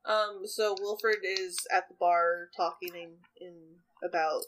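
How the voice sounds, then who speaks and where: A woman's voice: on the low side, steady tone, slow pace, heavy background noise. A woman narrating a tabletop role-playing game as game master, chatty and rambling, often laughing.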